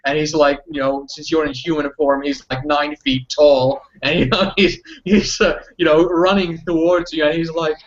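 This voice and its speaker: A man's voice: on the high side, flat delivery, moderate pace, few pauses. A man narrating a tabletop game as game master, rambling and full of fillers. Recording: muffled lo-fi audio.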